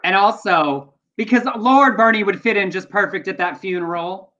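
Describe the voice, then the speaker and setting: A man co-hosting a casual live internet show, telling jokes and stories with lively energy. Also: high-pitched, normal speed, muffled recording. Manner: animated, joking storyteller. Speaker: co-host.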